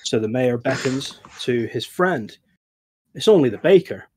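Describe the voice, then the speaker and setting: A man's voice: mid-range voice, expressive, unhurried, a little mellow. A man telling a comic story over a video call, delivering the jokes in a dry, playful way. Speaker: player. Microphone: webcam video call.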